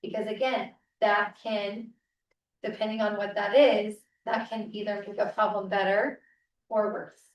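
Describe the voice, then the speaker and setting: A woman leads a parenting seminar in a relaxed, chatty way, often tagging her points with a quick check-in. Her voice sits in a medium range. It carries through a reverberant room to a mic some distance away. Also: mid-range voice, highs cut off. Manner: casual, checks in with frequent "right?". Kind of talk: conversational teaching talk.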